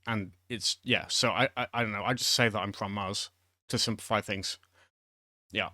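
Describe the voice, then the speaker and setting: Chatty guy explaining welsh words, lots of ums and restarts, bright tone, dry close sound. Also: on the low side, steady tone, normal speed, no room sound. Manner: rambling, many fillers and restarts. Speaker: YouTuber teaching Welsh. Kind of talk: casual screen-share commentary.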